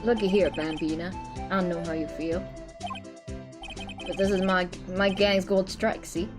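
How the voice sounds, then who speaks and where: A woman voicing a swaggering male cowboy, putting on a slow country drawl with folksy threats. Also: sits high, lively intonation, over music. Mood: folksy menace.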